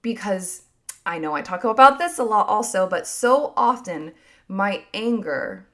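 A woman hosting a podcast, talking through her emotions in a soft, musing, reflective monologue full of casual fillers. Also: mid-range voice, lively intonation, unhurried. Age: adult mother. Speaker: podcast host.

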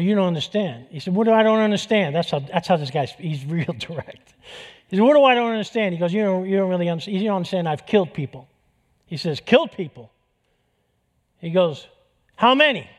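A man preaching a sermon in a voice pitched a little high. He tells stories with animation and acts out the dialogue. His voice rings with the long reverb of a large hall. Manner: animated storytelling, acting out dialogue. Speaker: pastor.

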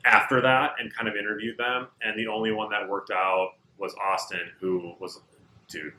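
A man's voice: fairly low pitch, little pitch movement, normal speed, bright, forceful tone. A man who works at a barbershop, telling a story in casual chat in a self-deprecating, profane way. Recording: roomy recording.

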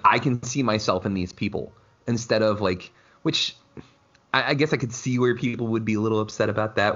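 A man chatting casually as a podcast panelist, talking excitedly with frequent swearing and restarts. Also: fairly low pitch, dull audio. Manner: excited, profane, restarts often. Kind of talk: casual chat.

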